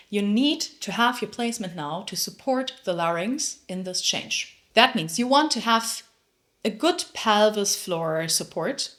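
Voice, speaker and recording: A woman's voice: mid-range voice, a bit bright. A woman teaching a singing lesson, explaining technique and breaking into sung demonstrations. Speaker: vocal coach.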